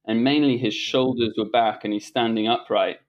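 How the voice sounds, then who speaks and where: The recording is muffled. On a talk show, a middle-aged man shares a personal story casually, stumbling into restarts and fillers and laughing as he talks, his medium-pitched voice steady at a normal speed.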